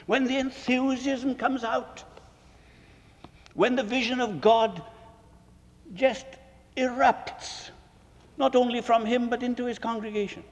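A man preaching to fellow preachers with emphatic rhetorical questions, his voice soaring and then dropping to a hush. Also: very high-pitched, fairly even intonation, slow, long pauses. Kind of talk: sermon lecture. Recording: long reverb of a large hall.

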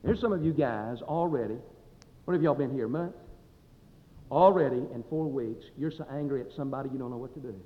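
A man's voice: medium pitch, fairly quick. A male pastor preaching a sermon in a folksy, emphatic way, swelling and dropping his voice. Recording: dull sound with long hall reverb.

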